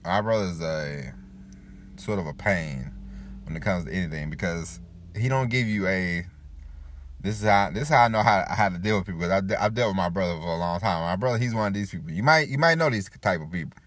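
Talking a little fast in a low, slightly bright voice, a man hosts a casual motivational podcast. He rambles, repeats "you know" again and again, and acts out the voices of people he quotes.

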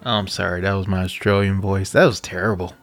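A man's voice: sits low, steady tone, quick pace. A man co-hosting a podcast casually, mostly reacting with short quips and jokes. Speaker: podcast co-host.

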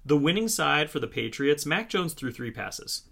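A man's voice: on the high side, very animated, moderate pace, vocal fry, a bit bright. A man hosting a solo fantasy football recap in a casual way, with wry, sarcastic asides. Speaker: fantasy football podcast host.

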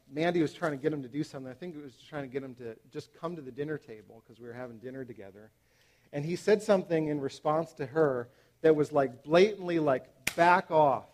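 A man in his thirties preaching to parents, animated and emphatic, with frequent fillers and restarts. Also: on the high side. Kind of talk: sermon to parents.

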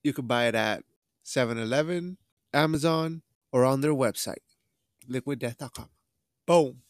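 A man's voice: medium pitch, normal speed, no room sound, clean studio sound. A young man hosting a casual podcast, talking in a loose, rambling way with lots of swearing and bits of Spanish. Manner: loose, profane, rambling, drops Spanish phrases. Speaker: podcast host.

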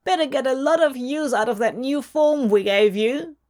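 A woman's voice: high-pitched, normal speed, a little mellow, pitched above the performer's own voice, lightly acted. A woman reading a fanfic audiobook, voicing a menacing demon duke who snarls his threats.

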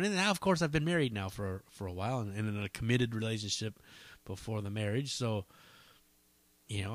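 A podcast host going solo rambles casually, swearing a lot, tossing in self-deprecating asides and plenty of fillers. His voice is medium-pitched with a sharp edge, and there's no echo.

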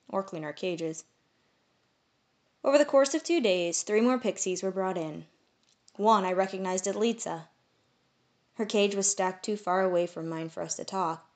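Expressive woman reading a fantasy story. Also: medium pitch. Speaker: audiobook narrator. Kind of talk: first-person fantasy story narration.

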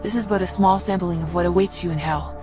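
A woman's voice: lowish voice, steady tone, fast talker, music in the background, close to an everyday voice. A woman voicing a gloating, shapeshifting male demon who talks in a mocking, taunting way.

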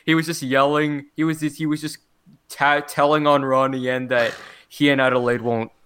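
A man's voice: mid-range voice, little pitch movement, normal speed, fairly bright tone, slight background noise. A man co-hosting a podcast in casual chat, hesitant, stumbling over his words and restarting. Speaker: podcast co-host reviewing cartoon episodes.

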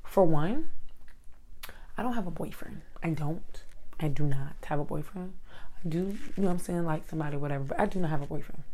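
A woman with a low, mellow voice talks straight to her viewers in a casual rant. She tells her story in an animated way, acts out the people in it and keeps turning to the audience with asides. She speaks into a handheld mic.

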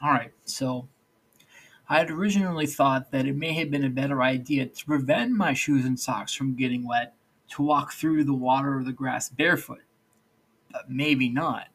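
Husky man hosting a rambling podcast. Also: medium pitch, normal speed, fairly bright tone, poor audio. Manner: rambling, loose, with many restarts and "all right, so". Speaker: podcast host. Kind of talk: solo podcast monologue.

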